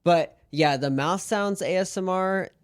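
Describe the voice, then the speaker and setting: A man co-hosting a podcast in casual chat, quick to react and share strong opinions. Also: high voice, clear, resonant tone, no room sound, studio quality. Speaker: podcast co-host.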